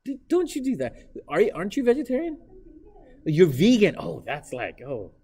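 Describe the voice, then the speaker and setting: A man's voice: high-pitched, wildly swooping pitch, moderate pace, darkish tone, husky. Joking man teaching a math class. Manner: teasing, joking with students. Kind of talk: live classroom lecture.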